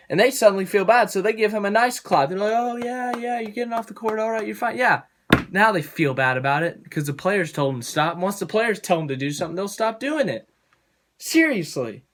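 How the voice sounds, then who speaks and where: A man's voice: high-pitched, a little hiss or hum. A man ranting to camera in a sports vlog, angry and repetitive, with frequent mild swearing. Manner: angry, repetitive, swears mildly, cools down later. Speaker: sports vlogger. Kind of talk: heated ranting monologue to camera.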